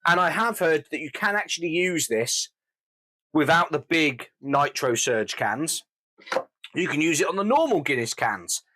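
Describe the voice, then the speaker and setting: A man's voice: on the high side, animated, unhurried, bright, forceful tone. A man doing a casual beer review, talking with gushing enthusiasm.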